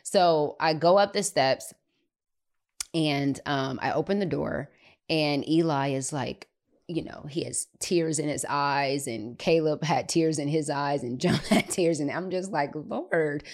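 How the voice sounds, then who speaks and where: A woman hosting a podcast, telling a personal story in a chatty, animated way with lots of filler words. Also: low-pitched, a little slow. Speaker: podcast host. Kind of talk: casual storytelling.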